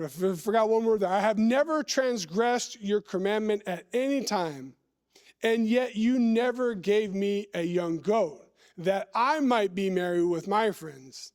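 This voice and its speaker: A man preaching a sermon in a church. He reads scripture and talks deliberately, stretching words and putting questions to the listeners. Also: sits high, a little mellow.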